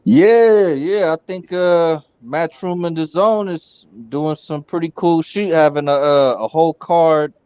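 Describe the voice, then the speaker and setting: A man's voice: fairly high pitch, unhurried, hardly any pauses, dark tone, clean tone, dull audio. A man chatting casually about boxing as a co-host, asking curious questions.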